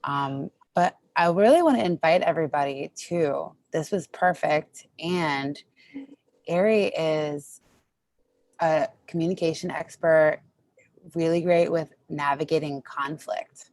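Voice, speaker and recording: A woman's voice: deep voice, unhurried, darkish tone, dry recording, rough recording. A woman hosting a group training, inviting questions in a searching, encouraging way. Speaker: training host.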